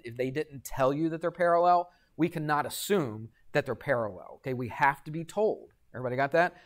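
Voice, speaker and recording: Man teaching a geometry class. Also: medium pitch. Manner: asks the class questions and answers them himself; jokey asides. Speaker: high school math teacher. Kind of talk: classroom lecture.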